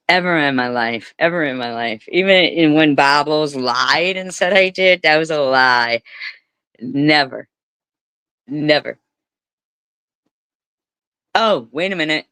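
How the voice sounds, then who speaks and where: A woman streamer rambles through live commentary, swearing freely and stacking repeated words for emphasis. She speaks slowly, with a smooth, clean tone. The sound is dry and close, with no room echo. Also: deep voice, sharp tone.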